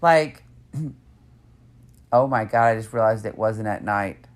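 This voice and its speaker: A young adult woman with a low voice tells a story to her podcast co-host in casual chat. She acts out what other people said, jumping her voice high for quotes. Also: unhurried. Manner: animated storyteller, acts out quotes with big pitch jumps.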